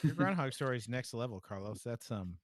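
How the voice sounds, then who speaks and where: A man's voice: medium pitch, expressive, fairly quick, no echo. A man co-hosting a casual podcast chat who makes dry, joking asides. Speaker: podcast co-host.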